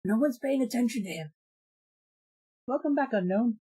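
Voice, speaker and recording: A woman's voice: fairly high pitch, lively intonation, moderate pace, warm tone, breathy edge. A woman streamer chatting casually on a live stream, rambling with lots of fillers and laughing often.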